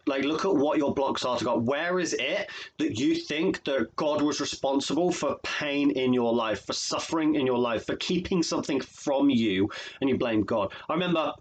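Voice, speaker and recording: A man's voice: medium pitch, low-quality recording. A man from England, a life coach, talking earnestly and emotionally to camera, often repeating phrases for emphasis. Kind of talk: motivational video monologue.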